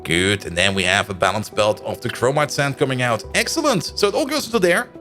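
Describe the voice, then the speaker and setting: A man's voice: mid-range voice, expressive, a little fast, sharp tone, faint music behind. A man streaming a game live, chatting and thinking aloud as he plays and laughing often. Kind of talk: live stream commentary while playing.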